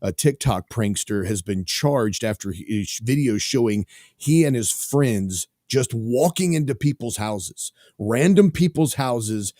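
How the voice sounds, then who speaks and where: A man's voice: mid-range voice, animated, measured pace, dark tone, no echo, studio quality. A man hosting a talk radio show, chatting casually and rambling with lots of fillers.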